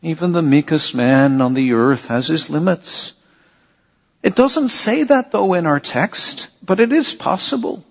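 A man's voice: fairly high pitch, expressive, unhurried, vocal fry, long reverb tail. A man preaching a sermon in an earnest way, repeating phrases and asking rhetorical questions of his listeners. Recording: dull lo-fi sermon recording.

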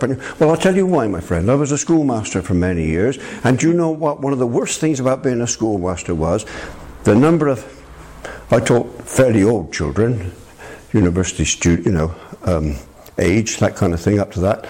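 Older male preacher, husky timbre, animated and emphatic sermon delivery. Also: medium pitch. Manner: animated, emphatic, addresses listeners as my friend.

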